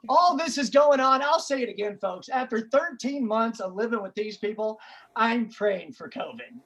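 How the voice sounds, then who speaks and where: A woman's voice: fairly high pitch, moderate pace. A woman stand-up comedian telling brash, profane stories on a club stage into a handheld mic. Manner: brash, profane, punchy storytelling. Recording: live club with crowd laughter.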